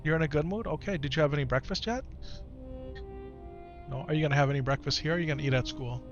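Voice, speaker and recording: A man streaming live who talks softly and coaxingly with his young son, then reads and answers his chat in casual talk. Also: a little high, fast talker, muffled recording. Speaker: streamer and father. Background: game music.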